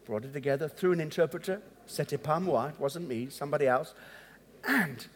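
A man's voice: a little high, a little fast, slight background noise. A man pastor preaching a sermon in a conversational way, acting out dialogues and chuckling at his own asides. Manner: acts out both sides of dialogues. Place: large church hall. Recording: long hall reverb.

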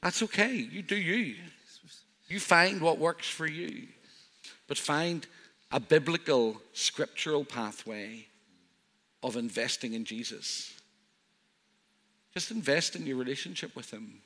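A man's voice: on the high side, a little slow, pauses often. An older man preaching as pastor, telling humorous personal stories. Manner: warm storytelling with self-deprecating humor. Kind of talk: sermon. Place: church hall. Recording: live church hall reverb.

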